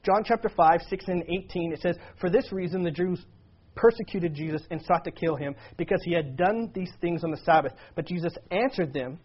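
A man's voice: high-pitched, fairly quick, husky. A man preaching a sermon, earnestly reading scripture and acting out quoted lines with a raised voice. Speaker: pastor. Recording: dull lo-fi sound.

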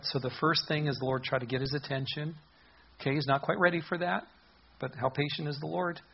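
A man with a mid-pitched, slightly husky voice teaches from the Bible in an earnest, conversational sermon. He often restarts his phrases and poses rhetorical questions to the congregation. The recording sounds a little dull and lo-fi. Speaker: pastor.

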